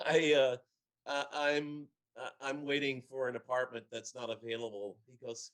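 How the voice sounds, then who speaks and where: A man's voice: mid-range voice, little pitch movement, moderate pace, fairly bright tone, low-quality recording. A man telling a casual anecdote in a church discussion, chatty and laughing now and then.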